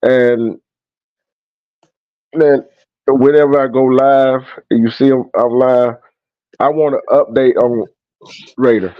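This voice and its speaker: A man hosting a live stream, speaking haltingly with many pauses and fillers. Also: mid-range voice, fairly even intonation, no echo, muffled recording. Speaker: host. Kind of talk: casual live-stream talk.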